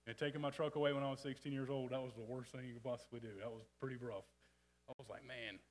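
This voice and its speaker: A man's voice: mid-range voice, fairly even intonation, quick pace, rough recording. A man preaching a casual, folksy sermon in a church, with frequent restarts and asides. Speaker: church speaker. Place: church sanctuary.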